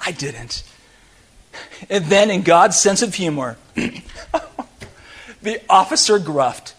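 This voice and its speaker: A middle-aged man, a pastor, preaching a sermon in a church and telling a story with big swings from shouting to hushed tones. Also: high-pitched, animated, slow pace, long pauses, breathy edge. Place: church sanctuary.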